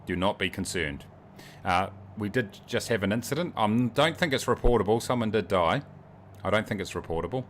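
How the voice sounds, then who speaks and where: With a lowish, expressive and fairly bright voice, a New Zealand streamer talks a little fast while flying a sim live. His chat is rambling, jokey and self-mocking, and slight background noise is present.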